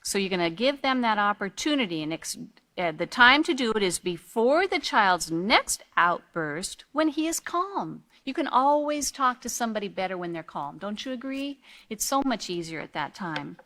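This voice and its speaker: A woman's voice: medium pitch, very animated, moderate pace, sharp tone. A woman leads a training course on raising children, speaking earnestly and patiently. She keeps asking her listeners questions to pull them along. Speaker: character education trainer.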